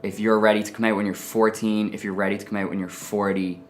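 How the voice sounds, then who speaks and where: An Irish man telling his own story in an interview, candid and animated. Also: fairly low pitch, quick pace. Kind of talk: personal storytelling.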